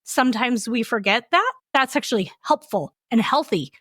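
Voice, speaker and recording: Co-host: a woman with a higher voice, explanatory and reflective, dry close mic. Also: animated, normal speed, a bit bright, no room sound. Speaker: podcast co-host. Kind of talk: conversational podcast discussion.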